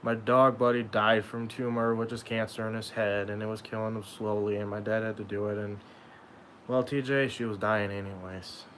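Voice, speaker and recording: Sad, halting young man vlogging. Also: on the low side, little pitch movement, fairly bright tone, a little hiss or hum, poor audio. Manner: halting, repeats and restarts, sad. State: emotional. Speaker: YouTuber. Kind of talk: emotional vlog monologue.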